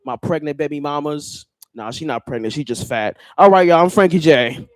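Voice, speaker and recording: A man's voice: on the high side, lively intonation, moderate pace, no room sound. A man doing a loose, joking stand-up set on a club stage, talking straight to the crowd. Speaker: stand-up comedian.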